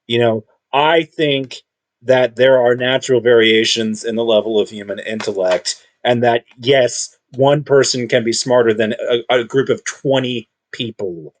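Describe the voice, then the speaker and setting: A man's voice: medium pitch, fairly even intonation. A man with a mid-range voice talks through an unscripted monologue. He keeps stumbling and restarting his sentences, yet his tone stays combative and sure of himself. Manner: rambling, halting, many restarts and fillers; combative, self-assured. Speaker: video commentator.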